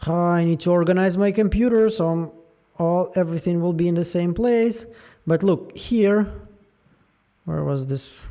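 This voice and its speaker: High-voiced man musing over show theories. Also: moderate pace. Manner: musing aloud, animated, trailing fillers. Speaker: show theory channel host. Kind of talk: casual theory breakdown.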